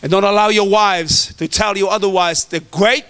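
A middle-aged pastor preaches in an unusually high voice. His tone is bright and forceful. He jokes with the congregation, then drives his points home with emphatic shouts. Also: fairly even intonation, normal speed, clear, resonant tone. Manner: emphatic, joking, preaching to the men. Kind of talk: sermon.

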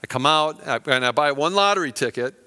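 A man in middle age, a pastor giving a sermon in a fairly high, bright and forceful voice. He tells a story in a casual way and acts out his friends' lines, dropping to soft, low asides and then shouting. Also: lively intonation, a little fast.

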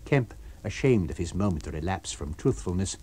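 A man narrating an abridged novel for radio in a measured, expressive storytelling manner. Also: low-pitched, slight background noise. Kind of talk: abridged audiobook reading for radio.

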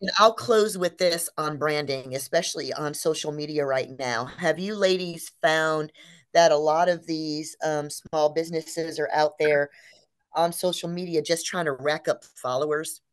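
Animated woman teaching a branding webinar. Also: deep voice, a little slow. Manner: animated, rhetorical questions, acts out quotes. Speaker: webinar co-host.

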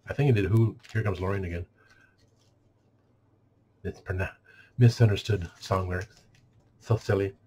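A man's voice: sits low, steady tone, moderate pace, long pauses, a little mellow, slight background noise. A man who works in a store, ranting casually and sarcastically about customers and mimicking them in mock voices. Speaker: store clerk venting. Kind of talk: casual rant.

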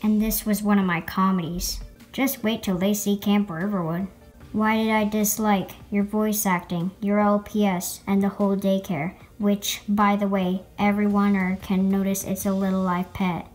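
A woman's voice: mid-range voice, level tone, moderate pace. A young woman reading out hate comments and answering them in a sarcastic, mock-offended way. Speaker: LPS video creator reading hate comments. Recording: faint music behind.

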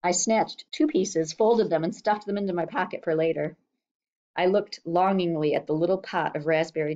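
A woman reading a novel chapter aloud for students, with steady, clear storytelling. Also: fairly low pitch. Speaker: reader. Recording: slightly dull lo-fi recording.

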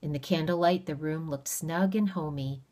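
A woman reading a children's novel aloud, with steady, measured storytelling. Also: low-pitched. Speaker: reader.

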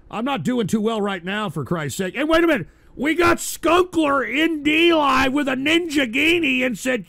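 Flustered guy hosting a live stream, high gravelly voice swinging all over, cussing out chat. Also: lively intonation, fairly quick, few pauses, a bit bright, no room sound. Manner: exasperated, swearing, flustered. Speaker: livestream radio show host. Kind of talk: profane live stream rant.

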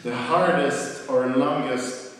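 A man with a Québécois French accent, a folk musician out of breath, chatting playfully and haltingly from the stage between songs. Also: mid-range voice, faint music behind. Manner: halting and playful, laughs often. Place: outdoor festival stage. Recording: echoey hall-like PA sound from far off.

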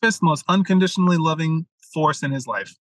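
A young adult man tells a story in a casual podcast conversation, his voice sitting a little high. He leaps into acted-out quotes and curses without pause. The sound is close and dry. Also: dry recording, poor audio. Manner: animated storyteller, swears freely, acts out quotes. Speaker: masculine leadership mentor, guest.

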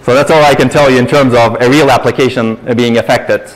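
A male lecturer talks through his material with emphatic explanations at an ordinary middle pitch. He fields audience questions in a lecture hall. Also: fairly even intonation, fast. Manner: explanatory, emphatic, leans on "actually".

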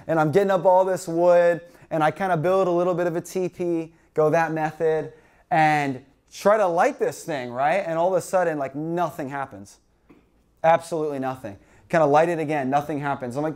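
A young male pastor with a slightly high voice tells a story in a sermon. He laughs at himself and acts out his own panic as the story goes on. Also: a little fast. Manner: animated, self-mocking storyteller acting out his panic.

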